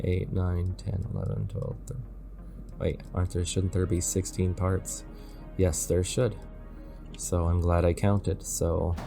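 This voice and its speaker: A man narrating a gameplay build tutorial in a casual, playful voice-over, chatting with the game pieces as he places them. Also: low voice. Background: background music.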